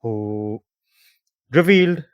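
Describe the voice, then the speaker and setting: A man running a tabletop game as game master, recapping the story in a relaxed way with fillers. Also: medium pitch, takes it slowly, dry recording, muffled recording. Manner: relaxed, loose narration with fillers.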